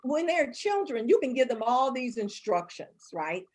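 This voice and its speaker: A middle-aged woman from St. Louis, chatting casually as a co-host and telling lively family stories. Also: a little high, normal speed. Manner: animated storyteller, acts out voices of her kids. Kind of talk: casual chat.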